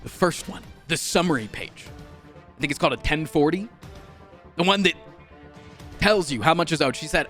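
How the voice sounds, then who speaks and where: Guy ranting a storytime, voice jumps all over, bright tone, faint music behind. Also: on the high side, expressive, normal speed, pauses often. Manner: exasperated, swearing, mocking voices. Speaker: streamer telling a story. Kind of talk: animated storytime rant.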